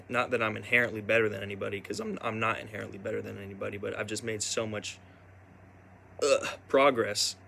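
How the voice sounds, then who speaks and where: A young man telling a personal story in a rambling, halting way, full of restarts and fillers. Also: lowish voice, gravelly, sharp tone, a little hiss or hum.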